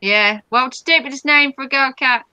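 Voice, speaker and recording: A woman's voice: high voice, moderate pace, pushed and bright, smooth, dry recording, low-quality recording. A woman hosting a casual live stream, chatting with viewers and reading their comments in a rambling way with many ums.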